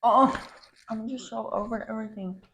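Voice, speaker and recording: A woman's voice: fairly high pitch, fairly even intonation, moderate pace, a bit bright, a little hiss or hum. Woman ranting as a POV girlfriend. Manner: profane, ranting, calls the listener babe. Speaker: content creator. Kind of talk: POV girlfriend role-play venting.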